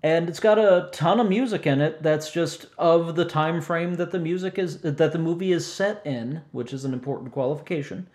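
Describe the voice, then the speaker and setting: A man in his forties with a slightly raised pitch, talking casually about music. He rambles, laughs and restarts his sentences as he goes. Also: normal speed, hardly any pauses, a little mellow. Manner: chatty, self-correcting, laughs often. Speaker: podcast co-host.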